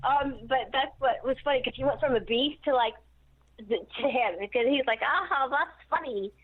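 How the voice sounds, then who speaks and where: A woman guest telling stories in a casual interview, animated and laughing often. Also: a little high, fairly quick, breathy edge. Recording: tinny phone line.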